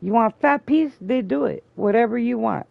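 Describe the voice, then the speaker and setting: At a moderate pace and with a creaky voice, a streamer host recounts a long story casually, full of profanity. Quoting people makes her loud and high, and the dull lo-fi stream audio is dry.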